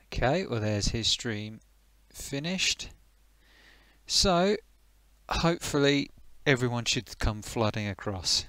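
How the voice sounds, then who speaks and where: A man's voice: mid-range voice, lively intonation, slow, sharp tone, dry recording. Chatty man hosting a live stream. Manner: chatty, greets viewers, thinks aloud while fiddling with settings. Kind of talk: casual live-stream chat.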